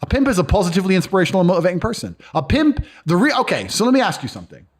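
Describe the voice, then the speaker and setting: With a high voice that swoops wildly in pitch, a man talks very fast in a casual interview. He is boastful and blunt, curses freely, and performs others' voices as he recounts his stories.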